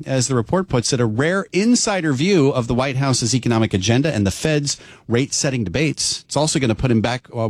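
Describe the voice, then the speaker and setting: Man, co-anchor, relaxed conversational delivery, dry sound. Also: medium pitch, no room sound. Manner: relaxed, filler-prone. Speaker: news co-anchor. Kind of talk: conversational news reading.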